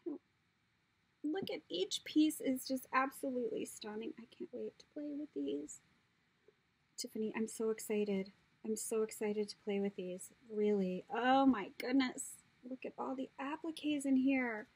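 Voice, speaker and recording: A woman with a high, very breathy voice gushes over craft pieces she has been sent. She talks slowly and keeps slipping into soft whispers between gasps of delight. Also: rough recording. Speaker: crafter opening happy mail. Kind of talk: casual unboxing chat.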